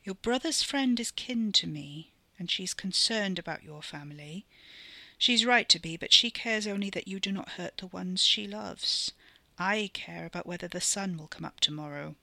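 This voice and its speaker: A woman voicing a calm, cryptic ancient enchanter. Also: fairly low pitch, creaky, no echo. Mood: grave. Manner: measured, riddling, unhurried.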